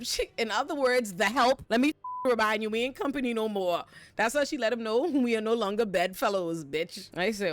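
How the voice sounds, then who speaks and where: A woman's voice: a little high, fairly quick, dry recording. Brash, profane woman recapping TV. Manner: brash, profane, slangy and animated. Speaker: show recap host. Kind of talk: casual TV recap commentary.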